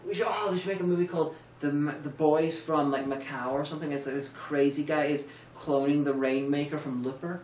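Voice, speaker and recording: A woman's voice: low voice, fairly even intonation, brisk, few pauses, darkish tone, a little hiss or hum. A woman co-hosting a casual film review, tired and rambling through sarcastic, jokey riffs with plenty of restarts. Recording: roomy, distant mic.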